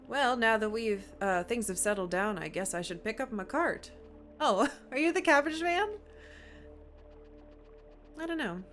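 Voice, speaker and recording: A woman's voice: a little high, lively intonation, measured pace, pauses often, fairly bright tone. Chatty young woman streamer from Appalachia. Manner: chatty and rambling, many fillers. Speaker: game streamer. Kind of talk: casual gameplay commentary. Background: faint game music.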